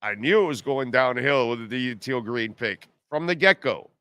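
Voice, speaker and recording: A man's voice: medium pitch, lively intonation, moderate pace, pushed and bright, clear, resonant tone, no echo. A man hosting a live sports radio show, ranting sarcastically and reading listener comments. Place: car dealership live broadcast.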